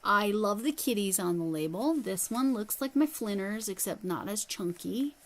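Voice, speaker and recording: A woman's voice: medium pitch, expressive, normal speed, rough recording. A middle-aged woman hosting a casual livestream, chatting and reading viewer comments as she goes through yarn. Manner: chatty, reads viewer comments aloud, handles yarn while talking. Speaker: livestream host.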